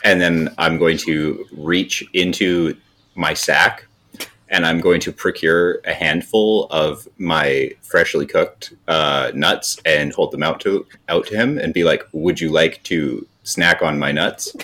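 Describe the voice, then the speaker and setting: A man playing a tabletop role-playing game, describing his actions in a deadpan, playful way. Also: deep voice, slow. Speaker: player. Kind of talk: in-character tabletop play.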